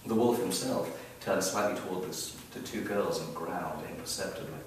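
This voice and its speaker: A man reading his own story aloud at a live event, wry and expressive, building up the action. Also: low voice, normal speed, a little hiss or hum. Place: event hall, heard from the audience area. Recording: very echoey hall, mic far off.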